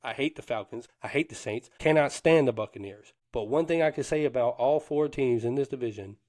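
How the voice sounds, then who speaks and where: A man with a medium-pitched, darkish voice talks briskly as a sports podcast co-host. Fired up and boastful, he sounds like a big fan and throws in Southern slang such as "cuz" and "them boys."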